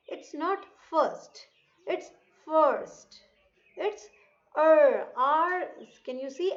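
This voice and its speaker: An English teacher with an Indian accent reading a passage line by line to young children and drilling pronunciation slowly and carefully. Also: female voice, high voice, fairly bright tone, highs cut off.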